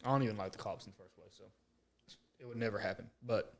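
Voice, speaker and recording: A man's voice: lowish voice, fast, vocal fry. A man co-hosting a podcast, telling a story in casual, profane chat and acting out the quoted lines. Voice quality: profane, animated storyteller who acts out quotes. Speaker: podcast co-host.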